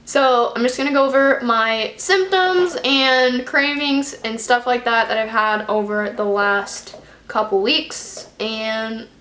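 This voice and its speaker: A young woman vlogger chats casually to the camera, a bit out of breath and rambling with lots of fillers. Her voice is fairly high, steady and fairly bright, her pace slow, and the room is echoey.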